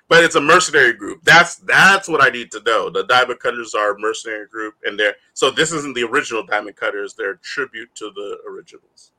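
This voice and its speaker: A man's voice: fairly high pitch, pushed and bright. A man hosting a casual comic book chat, teasing his co-hosts and laughing often. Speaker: host.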